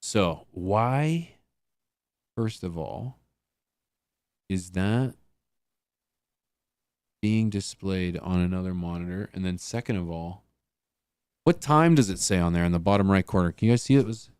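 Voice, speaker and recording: A man's voice: sits low, lively intonation, unhurried, pauses often, a little mellow, clean tone, dry recording, studio quality. A man hosting a casual livestream, laughing and muttering to himself as he sorts out his monitors. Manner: laughing, muttering to himself while fixing tech. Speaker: livestream host.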